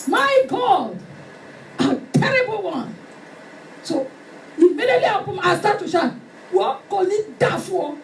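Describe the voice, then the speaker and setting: A woman preacher delivering a fervent sermon, shouting and acting out stories. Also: extremely high pitch, very animated, a little slow, pauses often. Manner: fervent, shouting, dramatic retelling. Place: church hall. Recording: echoey hall from far off with music.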